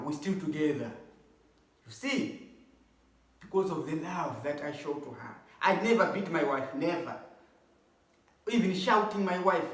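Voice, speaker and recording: A middle-aged man with a somewhat high voice speaks in a casual, preachy advice monologue. He hammers his points home by repeating them. The sound is very echoey, as if he stands back from the mic in a bare room. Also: far from the mic. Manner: preachy, repeats himself for emphasis. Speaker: advice vlogger.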